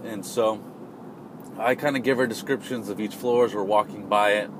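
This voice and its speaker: A man's voice: fairly low pitch, fairly even intonation, moderate pace, background noise. A man telling a casual personal anecdote in a rambling, self-deprecating way, often restarting his sentences. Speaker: storyteller.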